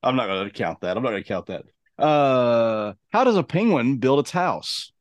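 A man's voice: medium pitch, very animated, moderate pace, no echo, highs cut off. A man co-hosting a casual podcast, telling dad jokes and groaning at his friend's puns. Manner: groans at bad puns, playful. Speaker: podcast co-host.

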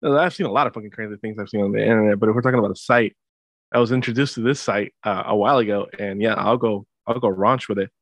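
A man's voice: fairly low pitch, fast, no echo. A man co-hosting a podcast, laid-back and swearing with enthusiasm. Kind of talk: casual chat.

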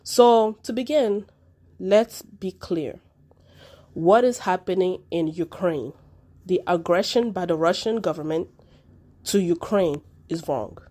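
A woman's voice: fairly low pitch, slow, warm tone. A woman from Africa hosting a solo commentary podcast, talking with passion and repeating words for emphasis. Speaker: podcast host.

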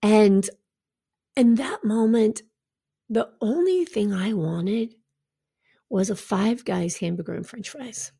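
A middle-aged health coach, still recovering from a draining treatment, talks casually and candidly to her followers, adding asides to them. Her medium-pitched voice is creaky with a breathy edge, captured in a dry, clean studio recording.

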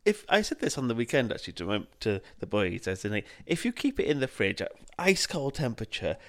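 A man's voice: medium pitch, big pitch swings, fast talker, fairly bright tone. A man co-hosting a podcast in casual chat, rambling, laughing a lot and swearing freely. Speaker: podcast co-host.

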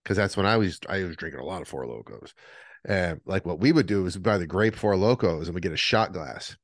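A man chatting on a podcast, telling animated stories and acting out what people said. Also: deep voice, fairly quick, no echo, clean studio sound. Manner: animated storyteller, acts out the voices in his stories. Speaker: podcast co-host. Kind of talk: casual podcast chat.

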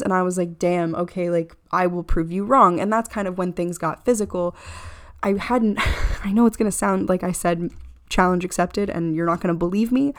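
A young woman hosts her own podcast, recounting a night out in a loose, candid, conversational ramble. She slips into lively voices whenever she quotes someone, then drops back to her easy, middle-pitched chatter. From Florida. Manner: chatty, candid, animated quoting of others. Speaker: podcast host. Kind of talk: casual storytelling monologue.

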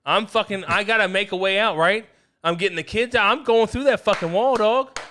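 A man on a casual podcast talks big and curses freely, full of slang. His voice is bright and clear. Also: sits high, brisk. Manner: brash, profane, boastful slang. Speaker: podcast co-host.

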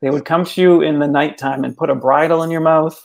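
A man, an author and guest, telling a folk tale in casual conversation, animated and full of "like.". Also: on the high side, fairly quick, vocal fry. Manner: animated, casual, many fillers like "like". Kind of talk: storytelling in conversation.

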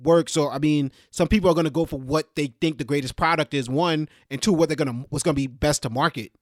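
A man in a casual podcast chat, quick and agreeable, asking short questions and chiming in. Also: on the high side, dry recording, studio quality.

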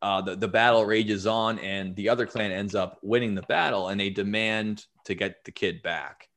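A man's voice: fairly low pitch, moderate pace. A man casually retelling history on a podcast, swearing freely and acting out what people said. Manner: profane, animated retelling with acted-out quotes. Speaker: podcast host telling history. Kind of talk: casual storytelling chat.

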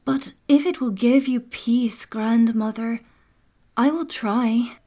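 A woman voicing a sensitive young girl, soft and pleading, in a storybook. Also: a little high, takes it slowly, voice pushed up. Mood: hesitant.

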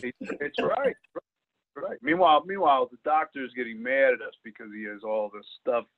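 A man's voice: medium pitch, wildly swooping pitch, moderate pace, gravelly, no echo. A man in casual sports talk, rambling through stories with many repeated words and fillers. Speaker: co-host. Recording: tinny phone-like line.

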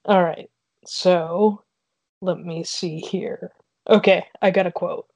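Slow-talking man co-hosting a podcast. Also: high voice, fairly even intonation, vocal fry, darkish tone, no room sound. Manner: easygoing, hesitant, thinks aloud. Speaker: podcast co-host. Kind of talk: casual podcast chat.

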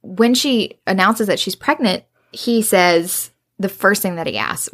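A woman's voice: mid-range voice, a little slow, fairly bright tone. A woman in casual conversation, animatedly retelling a story, acting out quoted lines and swearing freely. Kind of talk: casual book discussion.

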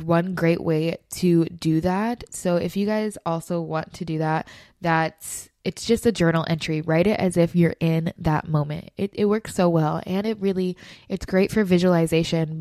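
A young woman hosting a casual solo podcast, talking in a gushing, animated way with many fillers and restarts. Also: on the low side, moderate pace, no echo, clean studio sound. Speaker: podcast host.

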